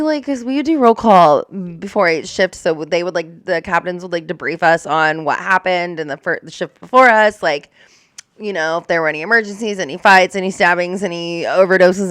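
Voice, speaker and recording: A woman's voice: fairly low pitch, a bit bright, dry recording, studio quality. A young woman who works as a corrections officer, reacting to news clips in casual, blunt, profane chat full of "like". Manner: blunt, profane, chatty with many likes.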